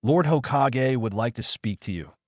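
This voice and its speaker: A man voicing a monotone masked guard. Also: mid-range voice, normal speed, no room sound, studio quality, voice pushed up, lightly acted. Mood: flat.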